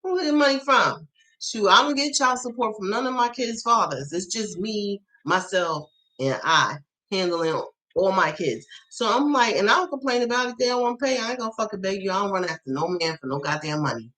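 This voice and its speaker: A tarot channel host talks briskly in a medium-pitched, expressive voice with a sharp tone, on a rough recording. Her casual livestream stories are blunt and profane, punctuated by laughter and quoted re-enactments of her own earlier remarks.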